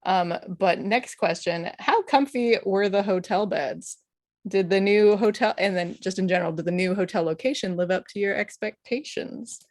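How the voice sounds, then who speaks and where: A woman's voice: medium pitch, moderate pace, a little mellow, no room sound, studio quality. A woman moderating a casual stream panel, chatty and rambling with plenty of laughter.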